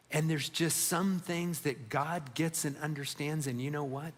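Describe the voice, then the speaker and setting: A middle-aged man preaches in a slightly raised, husky voice. He tells a personal story earnestly, swelling with feeling. His sermon rings out with the long reverb of a church hall. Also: a little high, steady tone, measured pace, few pauses. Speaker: pastor.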